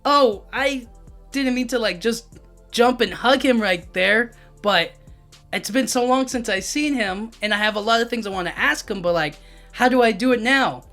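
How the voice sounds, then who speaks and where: A man paraphrasing a flustered young ninja girl, pitch raised. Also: normal speed, pushed and bright, faint music behind, exaggerated voice. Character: impulsive, emotional young kunoichi woman.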